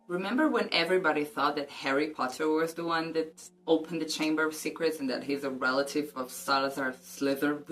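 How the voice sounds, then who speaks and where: A woman vlogger casually discussing a book and reading passages aloud, with joking, cheeky asides. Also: sits low.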